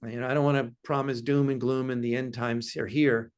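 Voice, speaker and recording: Cautious analytical man, mid-pitched voice. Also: little pitch movement, brisk, smooth. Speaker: market analyst guest. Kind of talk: interview conversation.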